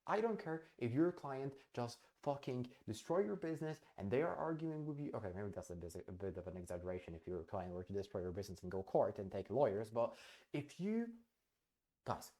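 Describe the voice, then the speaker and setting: A man's voice: medium pitch, very animated, a little fast, warm tone. A man hosting a talk on client handling, blunt and emphatic, swearing freely and repeating himself for stress. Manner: acts out client dialogue as he explains. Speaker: host. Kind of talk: direct-to-camera business advice.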